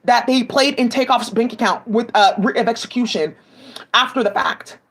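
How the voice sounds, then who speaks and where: A woman's voice: fairly high pitch, moderate pace. A woman giving rambling, profane commentary full of restarts, agitated asides and fillers, speaking into a home mic. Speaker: commentary vlogger.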